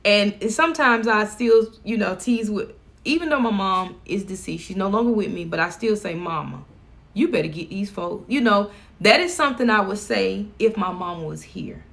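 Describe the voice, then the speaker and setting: A woman's voice: medium pitch, moderate pace, creaky, a bit bright. A middle-aged woman vlogging from home, chatting casually and laughing as she talks to her viewers.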